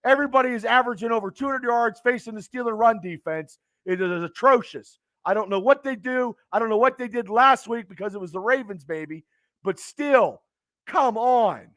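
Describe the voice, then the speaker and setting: A man's voice: very high-pitched, normal speed, a bit bright, no echo, clean studio sound. A man hosting a fan stream from home, ranting in frustration about a lost game, stammering and cursing as he reads viewers' comments. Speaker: fan show host. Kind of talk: late-night live stream rant.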